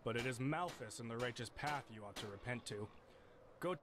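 A stern, pious town guard from a game, played by an actor, gives orders and moral lectures in a commanding tone. A clear hiss of noise sits under his voice. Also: mid-range voice, brisk, natural voice. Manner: commanding, preachy.

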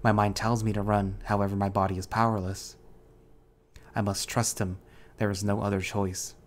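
Low-voiced male story narrator. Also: little pitch movement, normal speed. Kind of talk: first-person audio story narration.

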